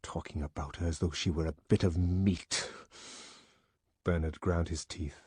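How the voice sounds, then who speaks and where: A man reading an audiobook aloud with an expressive, dramatic delivery, recorded close and dry. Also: deep voice, measured pace, breathy edge, no echo. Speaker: audiobook narrator.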